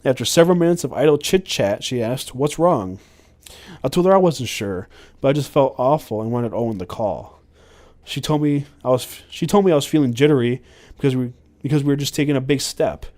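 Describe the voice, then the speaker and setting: A man's voice: medium pitch, brisk, a little mellow. Man reading a memoir aloud, stumbling. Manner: reads with frequent stumbles and self-corrections. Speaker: podcast host.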